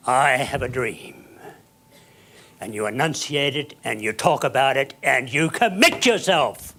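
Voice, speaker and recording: A man's voice: mid-range voice, animated, measured pace, pushed and bright, slight background noise. A man giving a theatrical motivational keynote, emphatic and dropping at times to a whisper. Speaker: keynote speaker. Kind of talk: motivational speech.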